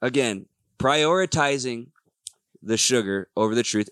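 A man co-hosting a casual faith podcast, chiming in with quick reactions and musing aloud. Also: fairly low pitch, no echo, studio quality. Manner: lively, chimes in with quick reactions. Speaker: podcast co-host.

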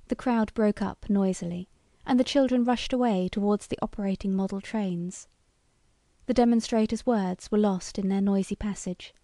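A woman narrating a short story as a steady, even reading. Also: medium pitch, no echo, studio quality. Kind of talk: scripted narration.

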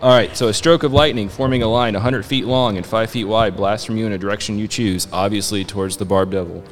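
A man's voice: on the low side, fairly even intonation, fast talker, faint music behind. A man with a Southern US accent playing a live tabletop game, joking and chatty. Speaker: player.

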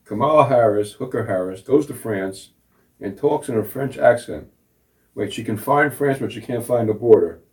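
A man's voice: medium pitch, lively intonation, moderate pace, a little mellow. A middle-aged man co-hosting a casual talk show, sarcastic and mocking, laughing at his own jokes. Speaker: co-host. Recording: voice from a distance off the mic.

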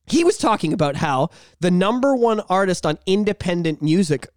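A man's voice: high voice, animated, normal speed. A man co-hosting a podcast in casual chat, rambling, profane and laughing. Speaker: podcast co-host.

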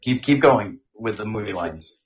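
A man's voice: lowish voice, animated, normal speed, highs cut off. A man co-hosting a podcast, laughing as he lists crude ideas in casual banter. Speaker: podcast co-host.

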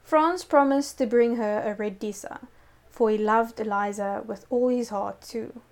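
A woman's voice: a little high, unhurried, darkish tone. A woman telling a local ghost story in casual chat, breaking off to explain words. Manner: reads a story with laughing asides.

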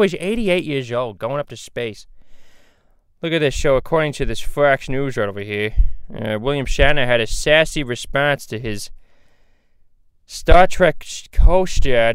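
A man voicing a crass, loudmouthed middle-aged cartoon dad, nasal and rambling, in a crude comedy monologue. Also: mid-range voice, clear, resonant tone, no echo, close to an everyday voice. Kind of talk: fan comedy impression monologue.

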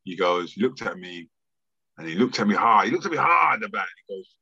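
A man's voice: lowish voice, very animated, a little fast, pushed and bright, husky, no echo, highs cut off. A man, a music promoter telling stories in a casual podcast interview, rambling and repeating words, swearing freely.

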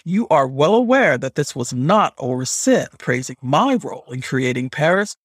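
A man's voice: a little high, no echo, studio quality. A man voicing a stern, commanding goddess who is the heroine's grandmother, speaking in a hard tone. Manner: hard, demanding tone.

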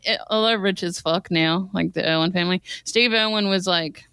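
A woman's voice: on the low side, normal speed, a bit bright, clear, resonant tone, no echo. A woman, co-hosting a podcast in casual chat, blunt, swearing freely and laughing often. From Australia. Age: 20s. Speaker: podcast co-host.

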